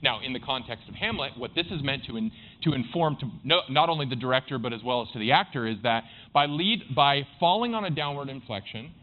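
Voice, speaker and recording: Animated man giving a conference talk. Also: medium pitch, fast talker. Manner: playful, animated, joking with the audience. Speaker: conference speaker. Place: conference hall stage. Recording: dull lo-fi conference recording.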